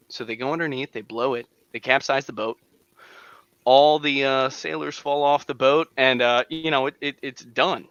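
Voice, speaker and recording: A man's voice: medium pitch, fairly even intonation, normal speed, a bit bright, dry recording, muffled recording. A man on a radio panel, telling a joke and checking in with his listeners as he goes. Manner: keeps checking in with "right?" while telling. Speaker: panel guest.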